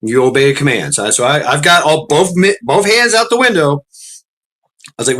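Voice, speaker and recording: A man's voice: fairly high pitch, animated, fairly quick, fairly bright tone. A man, telling a story in a profane, rambling way and often repeating words. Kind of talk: casual storytelling.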